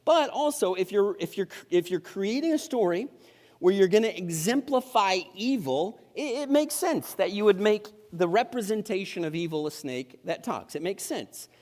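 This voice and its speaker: A middle-aged man preaching a sermon with a higher-than-usual voice. He talks casually and jokes, restarting his phrases often, and his voice hangs in the long reverb of a church sanctuary. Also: lively intonation, moderate pace, darkish tone. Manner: conversational, humorous, with frequent restarts. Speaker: pastor.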